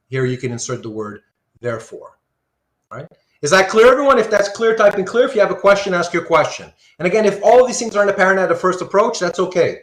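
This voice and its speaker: A man teaching an online philosophy class, animated and often checking in with "right?". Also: sits high, quick pace, echoey room. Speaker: philosophy lecturer.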